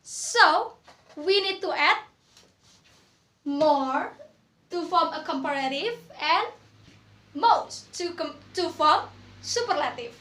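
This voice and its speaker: A young woman teaches English grammar, speaking slowly and repeating each word for the class. Her voice is very high and bright. The sound carries the echo of a classroom. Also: animated. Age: young adult.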